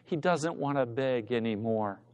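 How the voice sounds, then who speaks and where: A man's voice: mid-range voice, animated, unhurried, smooth. A male pastor preaching a sermon with passion, acting out the voices of the people in his story. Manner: impassioned preacher, acts out shouting voices.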